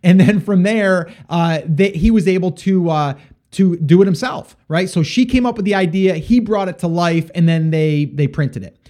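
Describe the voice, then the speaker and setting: Podcast host, male, high-pitched, casual and rambling with fillers; answers listener questions. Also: normal speed, dark tone. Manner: rambling, with frequent fillers and restarts. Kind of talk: casual solo podcast advice.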